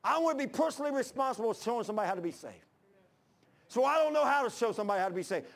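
A man's voice: extremely high pitch, expressive, racing, creaky. A man, preaching a sermon as pastor in an impassioned, folksy storytelling way.

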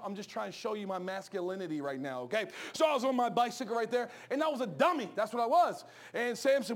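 Man, pastor, quick talker, animated storytelling sermon. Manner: joking, animated storytelling, drops low and soft for serious points.

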